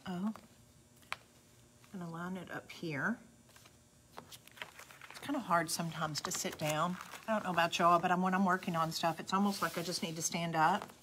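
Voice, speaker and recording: A woman's voice: on the low side, fairly even intonation, normal speed, long pauses, fairly bright tone, slight background noise. A middle-aged woman with a Southern US accent hosting a casual live craft demo, chatty and folksy, talking straight to viewers. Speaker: craft host demonstrating a product.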